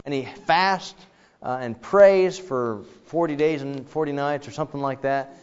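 A middle-aged man teaching a Bible class in a casual, animated way, acting out the quoted dialogue. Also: on the high side, a little slow, smooth. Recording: dull lo-fi sound with long reverb.

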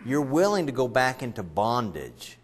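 A man's voice: mid-range voice, big pitch swings, moderate pace. A man preaching a sermon as a pastor, conversational and joking as he retells the story.

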